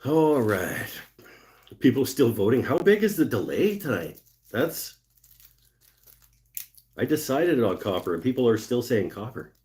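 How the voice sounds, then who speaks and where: A man with a mid-range voice hosts a casual live stream from his home workshop, where he turns wood. He speaks in an unhurried way with frequent pauses, reading viewer comments aloud and muttering to himself as he works. His manner is relaxed, like he's thinking out loud.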